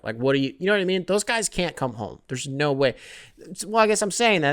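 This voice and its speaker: A young man hosting a podcast, ranting casually with lots of swearing and quick put-on quotes. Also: mid-range voice, a bit bright, smooth. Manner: profane, rambling, jumps into mocking quoted voices. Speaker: podcast host. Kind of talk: casual comedic rant.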